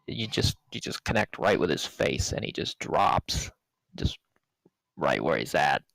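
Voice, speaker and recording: Gravelly-voiced male game master. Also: a bass voice, unhurried, dry recording, rough recording. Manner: relaxed, casual narration with restarts. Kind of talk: narrating a tabletop game.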